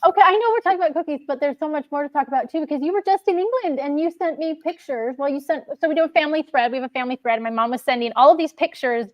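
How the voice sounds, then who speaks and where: A woman hosting a casual chat, enthusiastic and giggly, talking warmly with her guest. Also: high voice, rapid-fire, hardly any pauses, no room sound, dull audio. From United States. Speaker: host.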